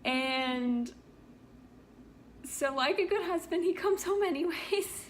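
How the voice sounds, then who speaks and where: A woman's voice: very high-pitched, animated, takes it slowly, slight background noise. A young woman from Canada, pregnant, telling a personal story-time vlog in an earnest, emotional way. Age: young adult. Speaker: vlogger.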